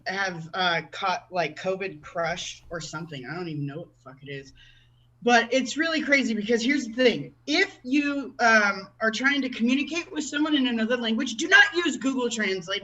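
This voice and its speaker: A woman tells crude, foul-mouthed stand-up stories at a bright, forceful pitch, mocking herself as she goes. The sound is a bit dull and lo-fi, like a stream. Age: adult with a child. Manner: crude, profane, self-deprecating storytelling. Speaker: stand-up comedian. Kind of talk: stand-up set at an online open mic.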